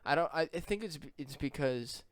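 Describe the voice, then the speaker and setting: A man's voice: fairly high pitch, animated, normal speed, clean tone. A man co-hosting a podcast, chatting casually, rambling and swearing freely. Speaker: podcast co-host. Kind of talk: casual chat.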